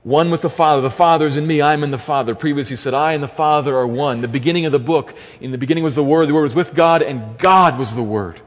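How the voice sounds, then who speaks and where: A man's voice: a little high, quick pace, hardly any pauses. Emphatic male preacher in a reverberant hall. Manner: emphatic, repeating key phrases for stress. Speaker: pastor. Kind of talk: expository sermon. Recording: long reverb of a large hall.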